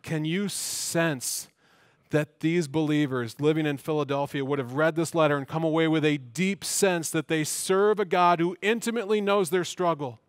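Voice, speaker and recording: Pastor guy preaching, earnest, repeats stuff for emphasis, highish voice. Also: normal speed, dry recording, studio quality. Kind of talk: sermon. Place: church.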